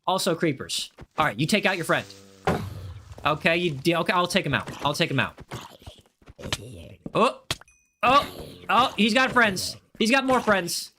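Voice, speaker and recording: A man's voice: high-pitched, expressive, unhurried, long pauses, noisy background. A man with an American accent giving live gaming commentary, chatting with his viewers in a rambling way, repeating himself and restarting sentences as he plays. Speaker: game streamer.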